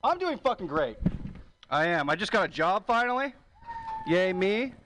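A man's voice: sits high, big pitch swings, moderate pace, pushed and bright, a little hiss or hum, rough recording. A young man doing a profane stand-up set with brash, crude one-liners. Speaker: stand-up comic.

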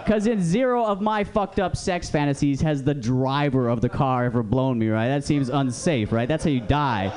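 A man's voice: mid-range voice, big pitch swings, a little slow, a crowd in the background. A man doing a stand-up comedy set on a club stage, telling profane, rambling stories into a stage mic.

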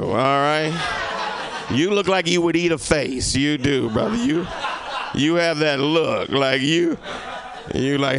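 A male stand-up comedian doing a rambling, profane set and teasing the audience. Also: on the high side. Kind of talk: stand-up set with crowd work.

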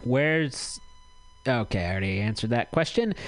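A man's voice: mid-range voice, normal speed, no room sound, poor audio. Chatty man reading notices on radio. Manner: chatty, self-correcting, reads notices aloud. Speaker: radio host. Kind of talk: casual community radio talk.

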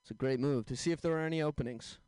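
Smooth-voiced young stand-up comic. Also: male voice, medium pitch, dry recording. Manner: deadpan one-liners with quick asides to the crowd. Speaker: stand-up comedian. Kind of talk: stand-up set at an open mic.

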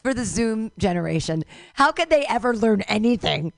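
A woman's voice: on the high side, animated, normal speed, vocal fry, dry recording, clean studio sound. A woman in her fifties doing a stand-up comedy set, rambling, irreverent and self-mocking.

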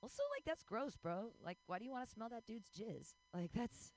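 A woman's voice: a little high, animated, normal speed, rough recording. A woman in her forties doing a bawdy, self-mocking stand-up set, breaking into squealing voices. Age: 40s. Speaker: stand-up comedian.

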